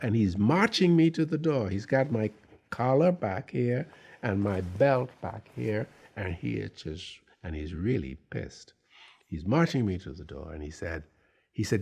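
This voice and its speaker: A man telling a personal anecdote in an interview, slow and deliberate, pausing with fillers. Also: lowish voice, sing-song, gravelly, a little mellow, husky. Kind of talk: storytelling anecdote.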